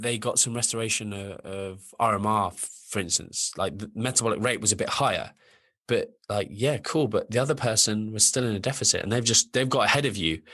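Nutritionist guest, thirties, casual podcast talk, rambly and lively with lots of false starts. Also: male voice, medium pitch. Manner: animated, rambling with many restarts.

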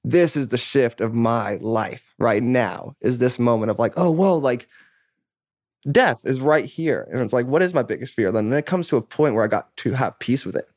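A man's voice: mid-range voice, a little fast, few pauses, a little mellow, no room sound, studio quality. A man of about thirty, a musician guest in a casual interview, telling his story candidly and rambling, with plenty of "like" and swearing. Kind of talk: casual podcast interview chat.

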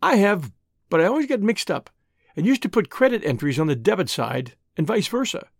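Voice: medium pitch, very animated, no echo, studio quality. A reader voicing breezy, scheming young woman. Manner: brisk, breezy and teasing. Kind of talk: audiobook reading.

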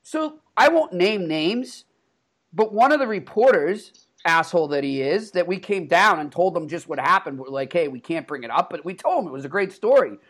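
High-voiced man telling animated stories. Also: normal speed. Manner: animated, laughing storyteller with frequent restarts. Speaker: podcast co-host, hockey reporter. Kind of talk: casual storytelling chat.

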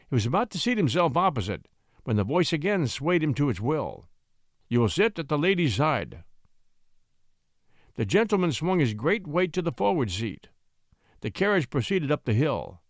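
Male audiobook narrator, animated and expressive, dry close recording. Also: on the high side, a little fast, no echo. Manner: expressive reading. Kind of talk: scripted storybook narration.

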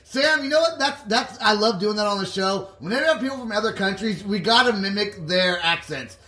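Man from Puerto Rico, podcast host, excitable, very high voice, bright, echoey room. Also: brisk. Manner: excitable, laughing often. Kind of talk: casual podcast chat.

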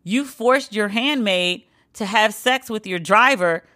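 A woman's voice: medium pitch, takes it slowly, sharp tone. A woman imitating a stern official who formally accuses someone. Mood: accusing.

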